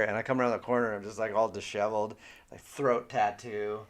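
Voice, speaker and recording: A man's voice: on the low side, flat delivery, moderate pace. A man co-hosting a podcast, telling self-mocking stories in casual, profane chat. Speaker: podcast co-host.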